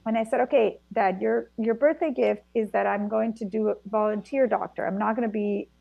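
A middle-aged woman from Argentina, a native Spanish speaker, tells her stories in a lively, meandering way. Her fairly high voice has a gravelly edge. The recording is dry and close, with little room sound. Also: fairly quick, no room sound, dull audio. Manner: animated storytelling with frequent restarts. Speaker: guest, vintner and physician. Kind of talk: conversational interview.

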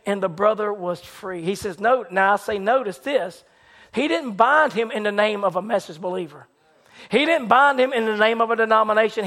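Male preacher, very high voice, storytelling sermon, swings from shouting to near-whisper. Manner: dramatic, rising to excited shouts in retold scenes, dropping to hushed lows.

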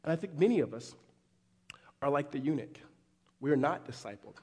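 A man preaching a sermon as pastor, animated, with frequent restarts. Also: on the high side, fairly quick, husky. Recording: long hall reverb.

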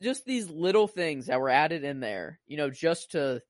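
A man's voice: a little high, expressive, moderate pace, no echo. Young man, casual film chat, rambling with lots of fillers, dry close sound.

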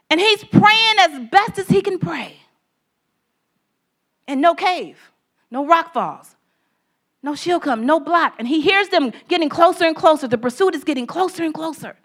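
Lady preacher, high voice, tells a story then hammers the point with repeats. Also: a bit bright. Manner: conversational storytelling with repeated phrases. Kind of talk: sermon.

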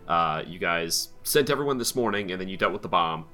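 A man narrating as game master of a tabletop game, relaxed and rambling, with many fillers. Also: sits low, a little fast, soft background music.

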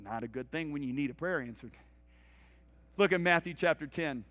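A man preaching a sermon in a church, telling Bible stories dramatically and acting out the voices, swinging from loud to hushed. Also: on the high side, normal speed, long reverb tail, highs cut off.

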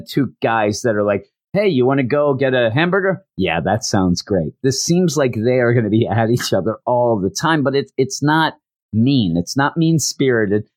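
Animated man recapping a cartoon. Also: medium pitch, no echo. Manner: animated, acts out characters' lines; frequent restarts. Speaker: anime reviewer. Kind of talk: casual episode recap.

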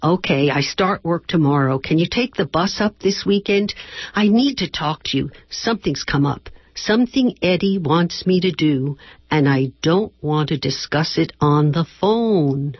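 A woman's voice: low-pitched, lively intonation, a little slow, slightly rough, no echo, dull audio, heavily acted. A woman reading aloud and voicing a middle-aged mother who speaks tersely and pleadingly on the phone. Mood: weary, guarded.

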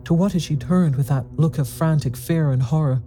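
Storyteller: man, very dark warm tone, tense first-person ghost story reading. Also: on the high side, fairly quick, soft background music.

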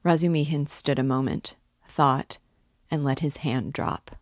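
A woman hosting a book reading, narrating a novel aloud in a steady, measured way. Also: low voice, dry recording, clean studio sound.

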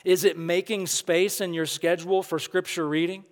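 A man's voice: high voice, level tone, moderate pace. A male pastor giving a sermon, earnest and emphatic, piling up rhetorical questions. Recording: long hall reverb.

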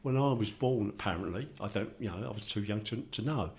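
An older man with a London accent, talking in a relaxed group chat and telling rambling, joking anecdotes. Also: fairly low pitch, quick pace. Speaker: discussion participant. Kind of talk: casual group conversation.

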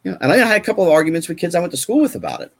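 A man's voice: high-pitched, huge pitch swings, very fast, gravelly. A man talking as a guest in a casual chat, emphatic and repetitive, firing off rhetorical questions.

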